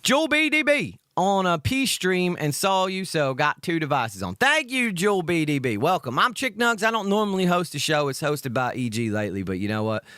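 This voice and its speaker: A man from Georgia in the US, filling in as host of a live reaction stream, talking in a profane rant that swings to loud outbursts. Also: fairly high pitch, very animated, moderate pace, hardly any pauses, clear, resonant tone, dry recording, clean studio sound. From Georgia, USA.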